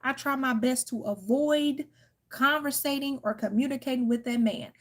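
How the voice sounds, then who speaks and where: A woman's voice: sits high, moderate pace. A woman, telling a heated, profane story to her viewers. She sounds tired and irritated. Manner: heated, profane, animated storytelling with quoted outbursts. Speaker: tarot reader and channel host. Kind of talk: casual venting story to viewers.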